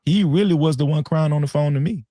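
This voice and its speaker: A man telling a story casually on a live stream, animated and profane, often repeating himself. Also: a little high, fast, no echo.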